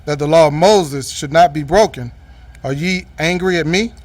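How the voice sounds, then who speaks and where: A man with a slightly higher voice reads scripture aloud in a steady voice. Between verses he calls back short affirmations. The sound is dry and close, with no room around it. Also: moderate pace, no room sound. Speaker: congregation member reading scripture.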